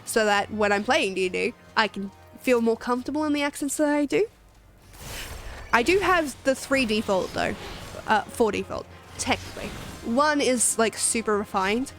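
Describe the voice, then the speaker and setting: A woman's voice: on the high side, expressive, normal speed, fairly bright tone, faint music behind. Chatty, self-deprecating woman streamer. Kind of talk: casual game stream chat.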